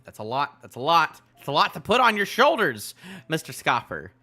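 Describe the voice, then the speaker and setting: A goofy man live-reacting to a comic, with a high, lively voice that leaps around a lot. His tone is bright and forceful, and faint music plays behind him. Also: normal speed. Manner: goofy and animated, laughs often. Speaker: streamer.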